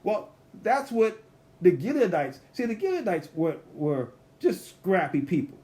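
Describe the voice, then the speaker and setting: A man's voice: sits high, sing-song, warm tone. Conversational man teaching Bible study. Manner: conversational, acts out quotes in voices; reads scripture slowly and deliberately.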